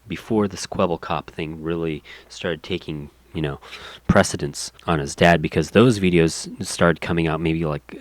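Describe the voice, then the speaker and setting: A man's voice: low-pitched, no echo. A man hosting a gaming podcast, giving rambling casual commentary with lots of fillers. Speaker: podcast host.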